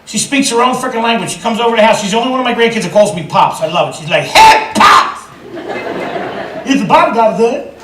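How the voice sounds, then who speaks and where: An older man doing a stand-up set, shouting punchlines to the crowd. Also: sits high, expressive, racing, few pauses, heavy background noise. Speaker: stand-up comedian. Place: large theater with a live audience. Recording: echoey hall recorded from a distance. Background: loud crowd laughter.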